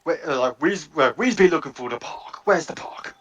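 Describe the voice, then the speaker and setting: A man's voice: a little high, lively intonation, normal speed, fairly bright tone, slightly rough, pitched above the performer's own voice. A man voicing an awkward, blunt barbarian who talks in broken grammar. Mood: impatient.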